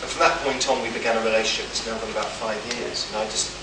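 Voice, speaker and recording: An Englishman with a stammer, appearing as a guest writer on a convention panel, races through humorous, self-deprecating anecdotes in a lowish, fairly flat voice, often restarting sentences. The recording is noisy, captured from a distance in an echoey room.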